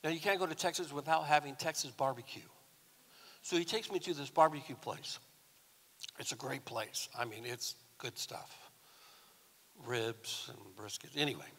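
A pastor giving a sermon in a conversational, storytelling way with touches of humor, recorded in a church. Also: male voice, medium pitch, normal speed, a bit bright, in a large hall. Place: church sanctuary.

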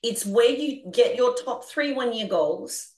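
A woman with an Australian accent leading a group coaching session on a video call, energetic and animated as she coaxes the group through exercises. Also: fairly high pitch, slow, reverberant. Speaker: business coach.

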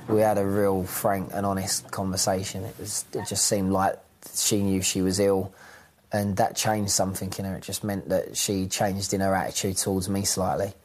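A man speaks in a documentary interview in a low, even voice. He talks slowly and reflectively, pausing and restarting often. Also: slight background noise. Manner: halting, with frequent ums and restarts.

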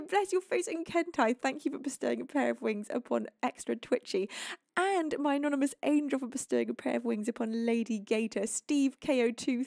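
A woman, a singer-songwriter, chatting softly and affectionately with viewers between songs, sometimes dropping to a whisper. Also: high voice, no echo, studio quality. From United Kingdom. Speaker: singer-songwriter streaming a live music show.

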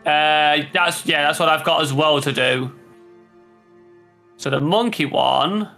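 A man's voice: a little high, takes it slowly, creaky, bright, forceful tone, faint music behind. A man chatting casually while gaming, explaining the quest steps. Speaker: co-player. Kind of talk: casual gameplay chat.

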